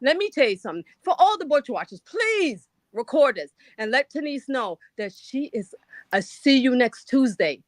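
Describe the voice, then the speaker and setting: A woman ranting on a live stream, loud, blunt and profane, swinging from a low grumble to shrieks. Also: big pitch swings, moderate pace, no echo. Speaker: guest caller on a live stream. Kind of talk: heated live-stream rant.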